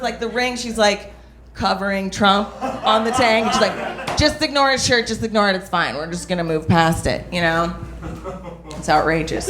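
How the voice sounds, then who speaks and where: A young woman works a small comedy club stage, telling stories brashly and checking in with the crowd. Her voice rings through a roomy space on a stage mic. The audience's laughter is clearly heard behind her. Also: medium pitch. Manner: brash storytelling with crowd asides. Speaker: stand-up comedian. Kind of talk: stand-up comedy set.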